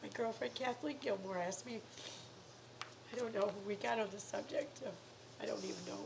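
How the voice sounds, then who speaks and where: Emotional high-voiced woman pleading, gravelly edge. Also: moderate pace, noisy background. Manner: earnest, pleading, drops to soft whispery words. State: emotional, close to tears. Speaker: YouTuber asking for donations. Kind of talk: emotional personal appeal to viewers.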